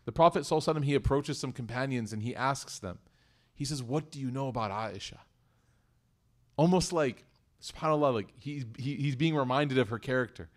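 Male community speaker at mid pitch, telling a story, animated with hushed asides. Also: fast talker. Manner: animated storyteller, swings between loud emphasis and hushed asides. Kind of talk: storytelling talk to a congregation.

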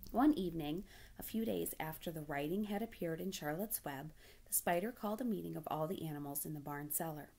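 A woman narrating a children's storybook aloud in an expressive storyteller manner. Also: sits low, brisk, gravelly, slightly rough. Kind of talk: children's audiobook reading.

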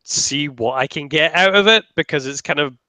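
A man's voice: a little high, moderate pace, sharp tone, no echo, rough recording. A young man co-hosting a casual gaming podcast, rambling with lots of restarts. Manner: rambling, many restarts and fillers. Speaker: podcast co-host.

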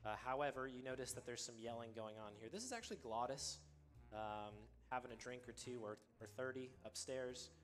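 A man commentating live on his own speedrun, explaining the game in a relaxed way with many ums and uhs. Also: medium pitch, a little fast. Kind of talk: live commentary while playing.

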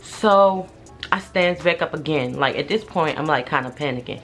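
Animated young woman telling a wild story. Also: deep voice, moderate pace. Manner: animated, slangy, swears freely. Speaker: vlogger. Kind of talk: casual storytime narration.

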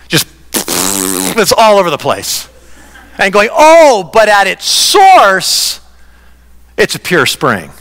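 A man pastor giving a conversational, animated sermon in a church. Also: sits high. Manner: conversational preaching, animated, acts out quoted voices. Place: church sanctuary. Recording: reverberant church hall.

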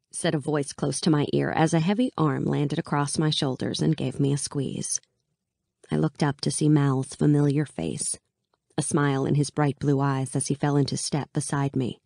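Brief: female audiobook narrator, mellow and dark tone, dry close-mic studio sound. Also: sits low, steady tone, moderate pace, vocal fry, no echo. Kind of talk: first-person audiobook narration.

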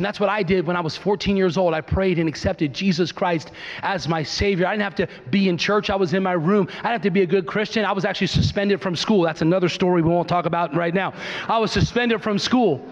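A man's voice: high voice, fast talker. A pastor in his thirties preaching a sermon in a church with emphatic, repeated phrases. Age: 30s. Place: church sanctuary. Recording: reverberant church hall, dull sound.

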